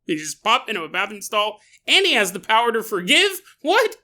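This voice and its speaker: A man hosting a solo podcast, telling a strange story in a jokey, animated way, laughing often, with a sore throat. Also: high-pitched, fairly quick. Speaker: podcast host.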